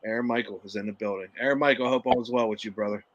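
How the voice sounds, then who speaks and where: A man's voice: lowish voice, steady tone, racing, dull audio. A man hosting a casual podcast, upbeat, reading out and thanking viewers' comments. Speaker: podcast host reading live chat. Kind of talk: casual chat.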